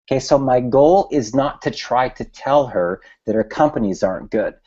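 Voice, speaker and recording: A man's voice: mid-range voice, expressive, moderate pace, dark tone, lo-fi sound. A man coaching listeners in casual chatter, often checking in with "okay" and "right.". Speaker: business coach. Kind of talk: screen-share tutorial talk.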